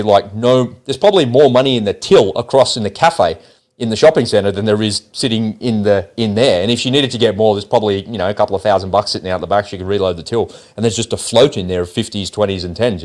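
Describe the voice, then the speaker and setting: A middle-aged Australian man in a casual podcast chat, telling stories and acting out the people in them. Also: on the low side. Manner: animated storyteller who acts out quoted people.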